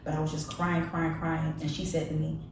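A woman's voice: sits low, monotone, brisk, recorded from a distance, a little hiss or hum. A woman guest on a podcast, candidly telling a personal story in a frank, confessional way with emphatic repetition. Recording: echoey room, voice off-mic.

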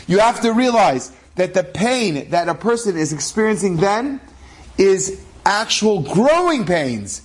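A male religious storyteller with a high-set voice, telling the tale dramatically. He speaks with animated energy and draws lessons for his listeners. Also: normal speed. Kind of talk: inspirational story sermon.

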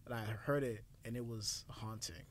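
Man, podcast co-host, measured storytelling, faint background hum. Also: lowish voice, fairly even intonation. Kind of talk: casual discussion.

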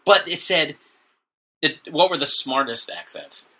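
A man's voice: a little high, expressive, sharp tone. A man from New Jersey co-hosting a podcast in casual chat, joking and laughing a lot. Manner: joking, laughs often, does quick funny voices. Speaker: podcast co-host.

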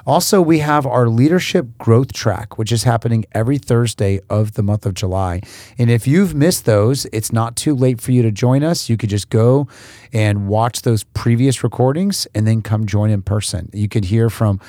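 A man's voice: mid-range voice, normal speed, warm tone, no echo, clean studio sound. A man who is a pastor, hosting a church podcast in an upbeat, chatty way. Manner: enthusiastic, chatty.

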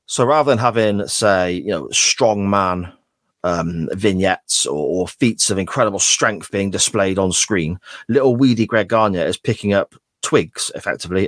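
A man's voice: deep voice, moderate pace, fairly bright tone, no room sound. A man co-hosting a wrestling podcast, recapping a clip in a sarcastic, sweary, casual way. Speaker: podcast co-host. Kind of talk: casual chat.

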